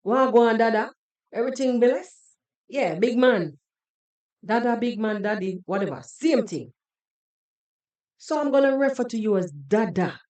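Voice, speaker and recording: A woman's voice: a little high, lively intonation, unhurried, long pauses, a little mellow. A Jamaican woman hosting a podcast, giving sarcastic, scolding reaction commentary on a video and slipping into patois. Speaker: podcast host.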